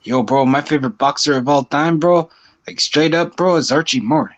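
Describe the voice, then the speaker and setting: A man in his twenties calling into a live stream, loud and swaggering, saying "bro" at every turn. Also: a little high, moderate pace. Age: 20s. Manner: slangy, says "bro" constantly, loud and swaggering. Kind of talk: casual boisterous chat. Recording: dull lo-fi call audio.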